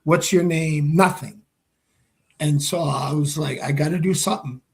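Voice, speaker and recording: Animated man telling a rowdy story. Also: on the high side, moderate pace, gravelly. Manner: animated storyteller, acts out quoted dialogue, swears freely. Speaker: former hockey player, guest. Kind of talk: storytelling interview.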